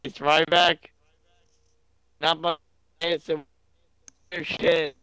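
A man's voice: fairly high pitch, level tone, slow, clear, resonant tone, no echo. Crude, mocking young male streamer. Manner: loud, crude, mocking, laughs often. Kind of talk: casual live-stream commentary.

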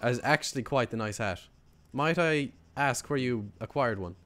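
A man's voice: medium pitch, normal speed, fairly bright tone, soft background music. An Irish man chatting during an online game, playfully mock-polite and teasing, swearing freely. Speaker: gamer and video host. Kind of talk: playful in-game roleplay chat.

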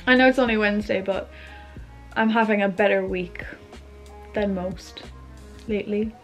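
Rambling woman with a gravelly edge. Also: medium pitch, normal speed, faint music behind. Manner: rambling, says "like" a lot. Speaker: vlogger. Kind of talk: casual chat to camera.

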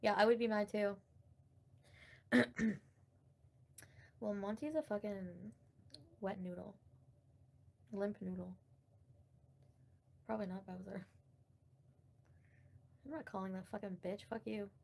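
A woman's voice: medium pitch, steady tone, takes it slowly, vocal fry, pauses often, slight background noise. A woman hosting a casual livestream and commenting on online drama, blunt and profane, with frequent laughter.

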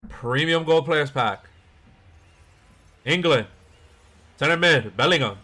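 This young gaming YouTuber's voice is on the high side, bright and forceful, with lively intonation and a slow pace. He chats casually while opening video game packs, often laughing and poking fun at himself.

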